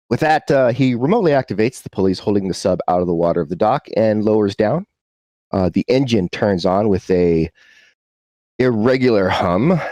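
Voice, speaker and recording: A man's voice: deep voice, darkish tone, dry recording. A man running a tabletop game, narrating casually with frequent fillers. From United States. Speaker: game master.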